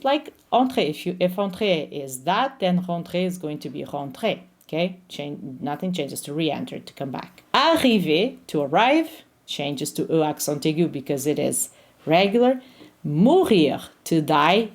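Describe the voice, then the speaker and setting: A woman with a somewhat low voice teaches a grammar lesson, walking through each rule step by step. She lifts her voice on every example word and keeps checking in with a questioning "okay?". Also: a little mellow. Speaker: French teacher. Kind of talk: explaining grammar rules.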